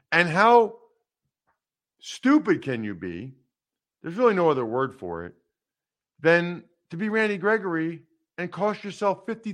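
A man with a slightly high voice talks at a measured pace and pauses often. He hosts a sports talk show, teasing his co-host and offering emphatic, animated opinions on football news.

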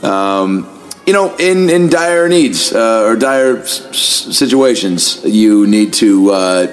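A man hosting a podcast, talking in a casual, energetic monologue full of swearing and fillers. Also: lowish voice, slow. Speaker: podcast host.

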